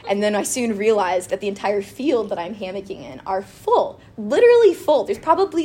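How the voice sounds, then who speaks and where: A woman chatting casually about faith and telling a personal story, animated and quick to laugh, with lots of "like". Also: a little high, a little hiss or hum. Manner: animated and giggly, with frequent laughter and filler "like".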